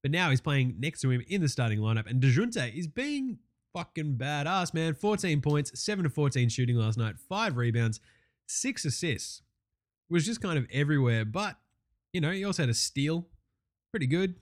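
A man with an Australian accent hosting a casual basketball podcast, ranting excitably and swearing a lot. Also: a little high, moderate pace. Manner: profane, excitable, laughing rants. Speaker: podcast host. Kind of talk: casual sports podcast chat.

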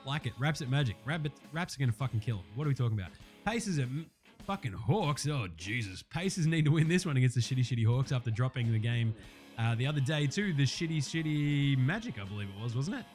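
A man's voice: medium pitch, lively intonation, fast talker, a little mellow, soft background music. A man hosting a casual sports picks show, swearing freely and getting heated as he calls each game. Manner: profane, fired-up, ranting. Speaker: sports podcast host.

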